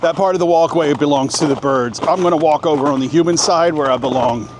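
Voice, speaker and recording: A man's voice: a little high, fast talker. Chatty man vlogging on city streets. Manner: chatty, joking, thinking aloud. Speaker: travel vlogger. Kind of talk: casual walking vlog. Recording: outdoor street noise. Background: street and traffic noise.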